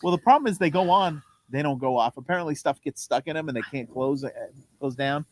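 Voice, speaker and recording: A man's voice: a little high, brisk. A middle-aged man co-hosting a casual podcast with his wife, tossing in dry wisecracks. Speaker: podcast co-host. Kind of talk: casual chat.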